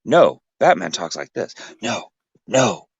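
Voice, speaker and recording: A man doing a gravelly deep superhero growl. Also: very animated, takes it slowly, no room sound, highs cut off, heavily acted. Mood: gruff. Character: gruff low-voiced male superhero.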